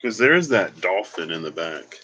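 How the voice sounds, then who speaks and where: A man's voice: low voice, big pitch swings, normal speed, bright, forceful tone, breathy edge, low-quality recording. A man giving a casual solo tarot reading and rambling as he thinks aloud. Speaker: tarot reader.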